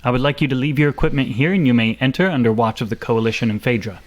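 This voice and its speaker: A man's voice: mid-range voice, fast, natural voice. A man voicing a stern female fey guardian. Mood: formal. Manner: formal, solemn proclamation.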